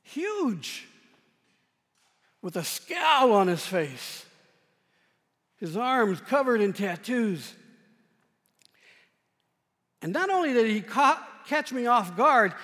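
High-voiced pastor preaching in a reverberant hall. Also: male voice, sing-song, takes it slowly, long pauses. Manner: conversational, self-deprecating, swings between loud and hushed. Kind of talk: sermon with personal storytelling. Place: church sanctuary. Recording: long reverb of a church hall.

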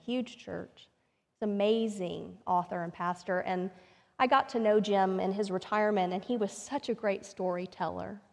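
A woman's voice: medium pitch, a little mellow. A woman pastor preaching a sermon, telling a story and rising to emphatic questions. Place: church sanctuary. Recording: long reverb of a church sanctuary.

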